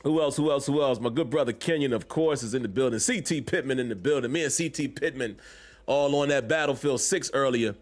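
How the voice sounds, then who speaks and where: A man hosts a live-streamed sports podcast from his home basement, chatting casually and repeatedly giving shout-outs to chat viewers by name. His voice is medium in pitch and a little fast.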